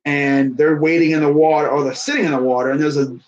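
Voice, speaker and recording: A man's voice: a little high, fairly even intonation, quick pace, highs cut off. A young man doing casual play-by-play of a baseball video game, chatty, laughing often and talking to someone off-mic. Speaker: fan commentator.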